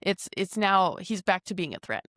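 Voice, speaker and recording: A woman's voice: fairly low pitch, big pitch swings, moderate pace, a bit bright, no echo, studio quality. A woman co-hosting a casual podcast, musing over a character's motives with rhetorical questions. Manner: thoughtful, asks rhetorical questions. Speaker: podcast co-host. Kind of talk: casual film discussion.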